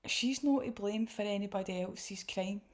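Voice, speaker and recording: Scottish woman, reaction vlogger, candid and indignant, swears freely; mid-pitched everyday voice. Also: moderate pace. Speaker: commentator. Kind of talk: reaction commentary.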